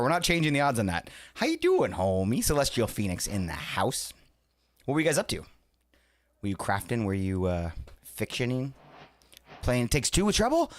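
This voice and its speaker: A man in his thirties chatting casually on a live stream, laughing often and swearing in excited outbursts. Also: fairly low pitch, no room sound. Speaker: livestreamer.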